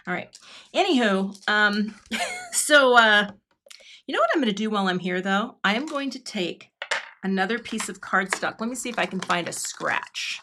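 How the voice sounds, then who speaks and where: On a livestream, a middle-aged woman from Washington State who designs craft products demonstrates card-making, chatting and laughing often with her viewers. She speaks in a bright, forceful mid-range voice, and there's a little hiss or hum.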